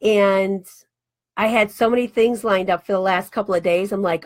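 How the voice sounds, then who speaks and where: A woman in her forties, a radio host and life coach, telling a personal story in a chatty, animated way and acting out bits of dialogue. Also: medium pitch, moderate pace. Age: 40s. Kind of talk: casual storytelling monologue.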